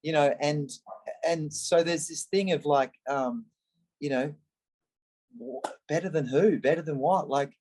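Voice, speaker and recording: A man, a guest in an interview, telling candid personal stories in an animated way and acting out the voices of the people he quotes. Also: a little high, unhurried, rough recording. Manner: animated, acts out quoted voices, frequent restarts. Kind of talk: candid conversational storytelling.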